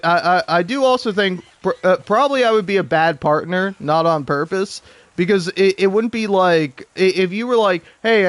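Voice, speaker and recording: A man's voice: high-pitched, no echo. A man giving casual, rambling commentary over gameplay, stumbling over his words, swearing freely and laughing often. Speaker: gaming video creator.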